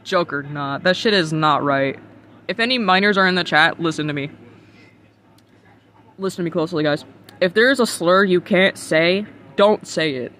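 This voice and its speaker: A man's voice: sits high, normal speed, long pauses, sharp tone. A man from the United States streaming casual reaction commentary, incredulous and profane, laughing often.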